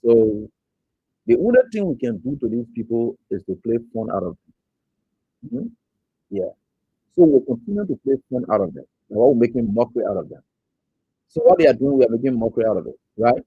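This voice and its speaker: Man, from Liberia, talk show host, husky, lively pitch, mocking, dull lo-fi sound. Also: fairly quick, pauses often, no echo. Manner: greets viewers by name, mocking and animated. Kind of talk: casual political commentary.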